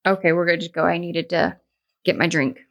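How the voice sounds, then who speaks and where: A woman's voice: on the low side, steady tone, brisk, fairly bright tone, highs cut off. A woman co-hosting a podcast, chatting playfully and reading from her notes. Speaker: podcast co-host. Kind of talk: casual chat.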